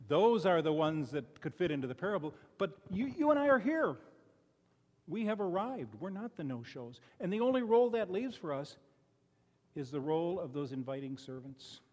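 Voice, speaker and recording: In a church sanctuary, an older Chicago man serving as a lay preacher delivers a folksy, conversational sermon packed with personal stories, often restarting sentences and saying "you know." His voice is on the high side and a little mellow, with a long reverb tail.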